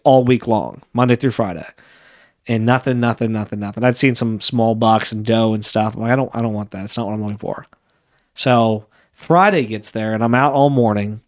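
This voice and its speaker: A man in his thirties, a podcast co-host, telling a story in casual chat and acting out the voices he quotes. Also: medium pitch. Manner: animated, acts out quoted voices.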